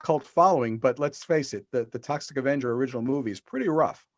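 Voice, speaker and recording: A man's voice: mid-range voice, fast talker, no echo, muffled recording. A middle-aged man, the guest author, telling stories in an interview over a video call and acting out the quotes he tells. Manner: animated storyteller, acts out quotes.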